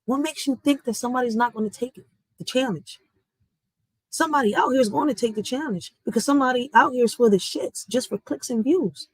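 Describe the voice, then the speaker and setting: A woman's voice: a little high, brisk, husky, no echo, low-quality recording. Woman vlogger, blunt and emphatic, dry close sound. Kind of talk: heated social media commentary.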